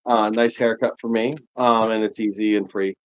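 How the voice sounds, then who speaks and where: A man's voice: on the low side, normal speed. A man in his forties from New England, telling a long casual anecdote full of fillers on a livestream. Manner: rambling, animated anecdote telling with many fillers. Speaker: livestream host. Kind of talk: casual storytelling chat. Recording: muffled lo-fi stream audio.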